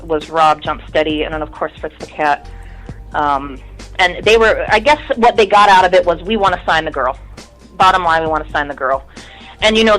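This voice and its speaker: A woman's voice: on the low side, fairly bright tone, low-quality recording. A woman in her thirties, a musician guest in an interview, telling a long story in a candid, rambling, profane way.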